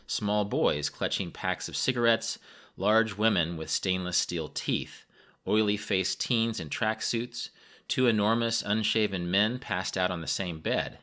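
A man's voice: fairly low pitch, pushed and bright. A man from the United States narrating a travel memoir in a wry, self-mocking way.

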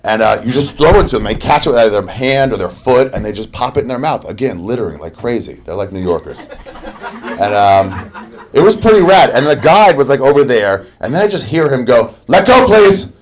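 A young adult man doing a crude, sarcastic and energetic stand-up story. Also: mid-range voice, fairly quick. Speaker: stand-up comedian.

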